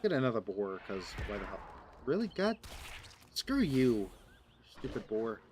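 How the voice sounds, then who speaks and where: A man's voice: mid-range voice, very animated, unhurried, darkish tone, slight background noise. A man giving casual commentary over his gameplay, rambling and joking with lots of filler words. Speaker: gaming streamer.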